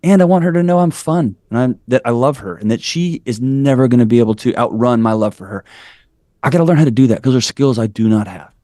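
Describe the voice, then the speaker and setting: With a quick pace and a mellow, medium-pitched voice, a man in his forties tells candid interview stories as a podcast guest. He's blunt and builds his points with preacher-like fervor, and the studio-quality audio has no room sound.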